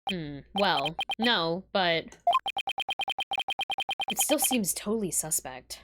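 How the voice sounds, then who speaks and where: A woman's voice: lowish voice, animated, takes it slowly. A woman streamer commenting live on a game, sarcastic and swearing, often laughing. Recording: loud game music behind.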